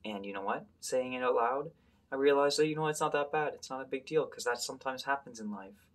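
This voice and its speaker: A man reading a picture book aloud to children as their teacher and leading a calming breathing exercise. He is gentle and encouraging, often dropping to a soft whisper. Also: medium pitch, fairly quick.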